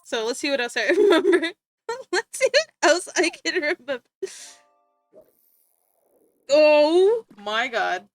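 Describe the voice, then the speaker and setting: A woman's voice: high-pitched, big pitch swings, measured pace, no room sound. A young woman streaming, chatting casually and rambling, easily sidetracked and giggling as she talks to her chat and friends.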